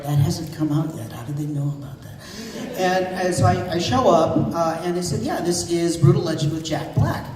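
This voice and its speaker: A man, a voice actor on a convention panel, telling animated anecdotes and laughing at his own punchlines. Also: fairly high pitch. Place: large convention panel room. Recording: echoey hall recorded from far off.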